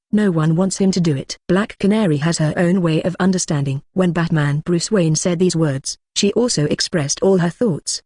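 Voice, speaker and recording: A text-to-speech voice narrating a translated web novel as an audiobook, with a flat, even delivery that reads punctuation aloud. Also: medium pitch, no room sound, clean studio sound. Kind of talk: scripted narration.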